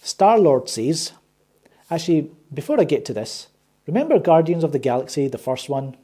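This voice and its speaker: A sarcastic man rants his way through a film review, swearing freely. His voice sits a bit high for a man, with a husky, breathy grain and a warm, mellow tone. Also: very animated, moderate pace. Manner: sarcastic, swears a lot, exasperated. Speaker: movie reviewer and channel host. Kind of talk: ranting casual review.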